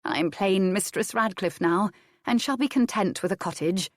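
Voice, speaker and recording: A woman's voice: mid-range voice, moderate pace, no room sound, lightly acted. A woman reading the part of a proud, composed young noblewoman in an audiobook. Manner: dry, composed.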